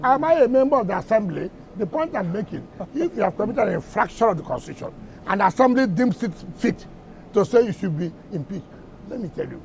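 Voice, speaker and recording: A man's voice: sits high, creaky, darkish tone, a little hiss or hum. A middle-aged Nigerian man answering reporters at a press briefing, combative and firing off repeated rhetorical questions. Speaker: government minister at a press briefing.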